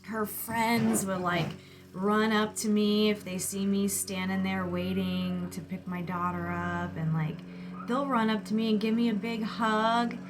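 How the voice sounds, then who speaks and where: A woman's voice: mid-range voice, steady tone, measured pace, background noise. A woman in her thirties venting in a rambling, casual monologue about her kids, exasperated and filler-heavy. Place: outdoors near a lawnmower.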